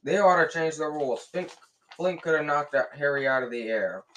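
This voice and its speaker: Man doing a gruff groundskeeper, big burly male, rustic speech, loud, storybook reading. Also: fairly high pitch, lively intonation, normal speed, slight background noise, voice pushed up. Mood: indignant.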